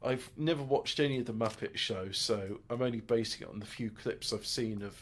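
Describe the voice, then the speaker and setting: A man's voice: medium pitch, fairly quick. A man muttering his way through a game in casual let's play commentary, with crude offhand jokes. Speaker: gamer.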